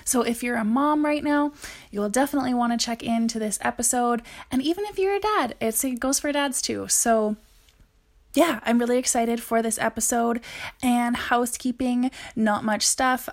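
A woman's voice: fairly high pitch, moderate pace. A woman hosting a podcast over a video call, chatting casually and laughing often. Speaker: podcast host.

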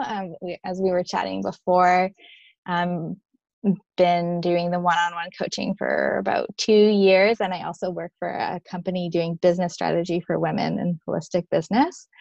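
A woman life coach talking as a podcast guest over a video call, in a relaxed manner. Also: on the low side, gravelly, dry recording, muffled recording. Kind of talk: casual interview chat.

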